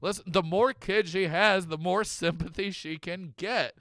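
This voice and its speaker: A man hosting a casual show recap, joking loudly and laughing often. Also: high voice, a little slow, no echo, clean studio sound. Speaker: host.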